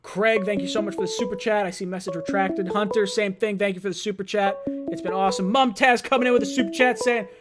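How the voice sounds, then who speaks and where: A young man hosting a late-night live fan show from home, rambling excitedly and laughing often. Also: high-pitched, fast talker, over loud music. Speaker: livestream host.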